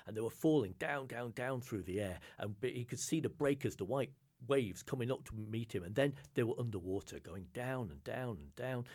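A male storyteller tells a folk tale in a measured, dramatic performance. His voice is low and husky. He often sinks to a hushed whisper on the quiet moments.

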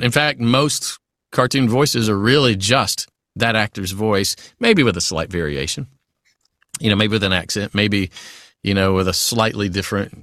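A man, a voice actor guest in a casual interview, giving advice in a chatty, animated way with many asides. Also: lowish voice, no room sound, clean studio sound.

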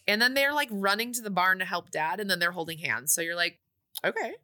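A woman co-hosting a podcast, casually recapping a movie plot in a chatty, animated way with quoted asides. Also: lowish voice, a little fast. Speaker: podcast co-host.

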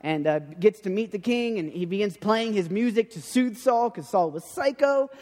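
A man's voice: high-pitched, animated, moderate pace, darkish tone, in a large hall. A man giving a casual sermon, talking loosely with many restarts and acting out the people in the story. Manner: chatty, repeats words and restarts, acts out quoted speech. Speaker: preacher.

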